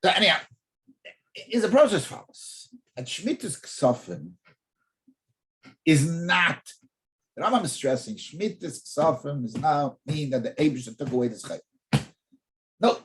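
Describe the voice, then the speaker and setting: Animated rabbi teaching Talmud, lively pitch. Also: male voice, moderate pace, long pauses, a little hiss or hum. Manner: animated, repeats words while thinking, poses rhetorical questions. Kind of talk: in-depth Torah class.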